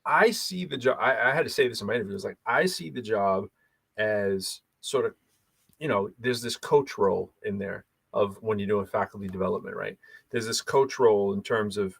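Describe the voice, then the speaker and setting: A man from Boston with a light Boston accent, co-hosting a podcast in casual chat, telling rambling, animated stories full of restarts. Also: lowish voice, brisk, vocal fry, husky, dry recording. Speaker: podcast co-host.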